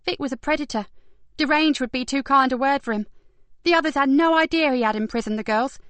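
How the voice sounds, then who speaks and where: A woman reading an audiobook and voicing an earnest young female detective in a brisk, animated way. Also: high-pitched, no room sound, voice pushed up.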